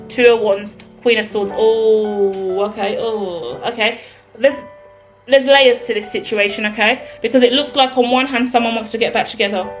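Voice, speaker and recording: A woman's voice: on the high side, low-quality recording. A British woman giving a spoken tarot reading in a blunt manner, swearing freely as she lays out the cards. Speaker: tarot reader.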